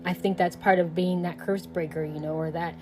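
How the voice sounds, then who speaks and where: A woman's voice: on the low side, steady tone, a little fast, a little mellow, a little hiss or hum. A woman hosting a casual podcast conversation, talking reflectively and meandering with many fillers. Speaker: podcast host.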